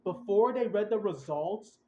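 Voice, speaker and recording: A young man hosting a podcast, excitedly retelling events in a rambling, casual way with slang. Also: high-pitched, unhurried, slight background noise. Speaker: podcast host. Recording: roomy, dull lo-fi sound.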